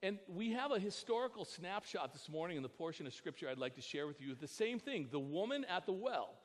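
An American man preaching a sermon as pastor, telling a personal story with animated voices for the dialogue. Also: high-pitched, a little fast. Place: church sanctuary. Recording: long church reverb.

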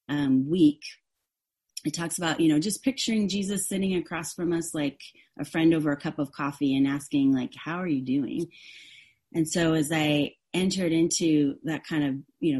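Woman pastor preaching, low pitch, mellow tone, earnest, restarts often. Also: slightly rough. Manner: earnest and openly vulnerable, with frequent restarts. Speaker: interim co-pastor. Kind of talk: sermon.

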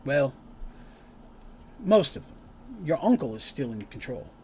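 A dutiful male knight on patrol, as a man puts him on, pitched a little higher and reporting in formal, slightly broken phrases. His voice rises and falls with eager urgency. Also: big pitch swings, a little slow, darkish tone, slight background noise.

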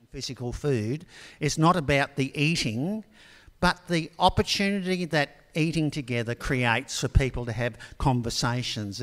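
An older man giving a sermon in a relaxed, conversational storytelling manner, with frequent ums. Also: mid-range voice. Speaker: preacher. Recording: long hall reverb.

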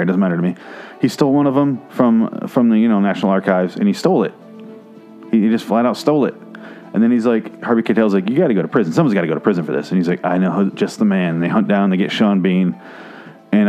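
A man with a low, mellow voice rants casually about movies, rambling and swearing freely. When he gets worked up, his voice leaps high with exasperation. Faint music plays behind him. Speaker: movie reviewer. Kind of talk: casual profane movie rant.

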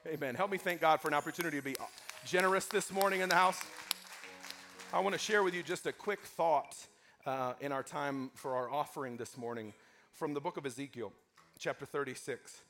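A pastor delivers a live sermon with announcements to his congregation during a church service, emphatic and calling out for amens between points. He has a mid-range, slightly bright voice.

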